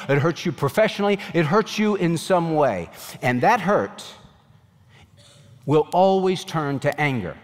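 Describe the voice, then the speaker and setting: Male pastor, sermon, earnest emphatic delivery, somewhat high voice, echo of a large hall. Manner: earnest, rising emphatic preaching with pleading questions.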